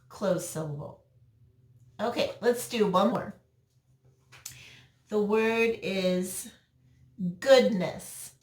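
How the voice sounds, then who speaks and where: Slow, patient woman teaching phonics. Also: medium pitch. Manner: slow, patient, stretches out words for young learners. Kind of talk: recorded phonics lesson for children. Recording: roomy echo, mic at a distance.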